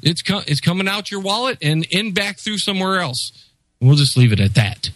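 Man, somewhat high voice, emphatic, sardonic, dry close sound. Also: lively intonation, moderate pace, fairly bright tone, dry recording, poor audio. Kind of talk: casual political chat.

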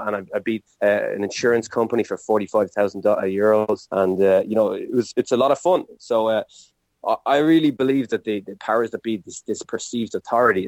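Animated man with a dry voice. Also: fairly low pitch, dry recording. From Ireland. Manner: animated storyteller, laughs often, acts out quoted voices. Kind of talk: casual conversation.

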